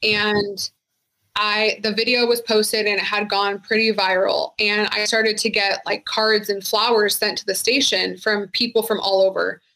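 Woman, retired deputy, interview guest, bright clear tone, frank casual talk. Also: mid-range voice, level tone, a little slow, poor audio. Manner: frank, conversational, with many "like" fillers. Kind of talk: candid interview conversation.

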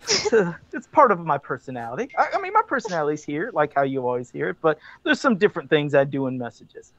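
A man's voice: a little high, big pitch swings, fast, fairly bright tone, no room sound, dull audio. A man co-hosting a podcast, laughing and cussing in casual chat. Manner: laughing, cussing, self-mocking. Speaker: podcast co-host.

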